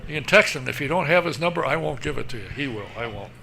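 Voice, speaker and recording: Male radio host, gravelly, bright, teasing, light hiss behind. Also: medium pitch, animated, quick pace. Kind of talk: casual interview chat.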